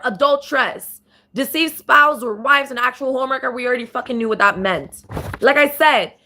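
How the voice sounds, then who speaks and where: A woman giving an off-the-cuff spiritual monologue, ranting with profanity and slang, restarting phrases and breaking into louder emphatic bursts. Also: high voice. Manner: profane, emphatic rant with sudden louder outbursts. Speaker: spiritual commentator.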